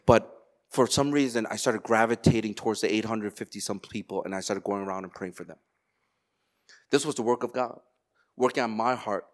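A man's voice: lowish voice, fairly quick. A man pastor giving a sermon, preaching with energy, stacking repeated phrases and telling personal stories.

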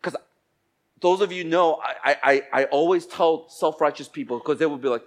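Preaching a sermon in church, a male pastor speaks in a slightly high voice. He swings from quiet, slow delivery to loud outbursts and gives quoted speakers their own voices.

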